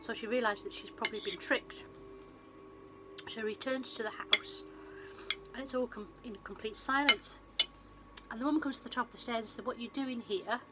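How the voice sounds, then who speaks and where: On her vlog, a woman with a fairly high voice rambles through a film's plot at normal speed, pausing often and filling gaps with fillers and restarts. The phone recording is very noisy.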